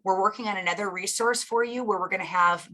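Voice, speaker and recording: A middle-aged woman hosting a live stream, chatting casually in an upbeat, gushing way while a bit hoarse from losing her voice. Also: mid-range voice, fast, bright, forceful tone. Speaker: live-stream host and teacher.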